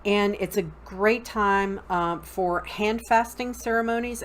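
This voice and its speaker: A middle-aged woman hosting a casual spoken lesson on Wicca, relaxed and full of fillers, often checking in with "okay?". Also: mid-range voice, slight background noise. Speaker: host teaching a Wicca course.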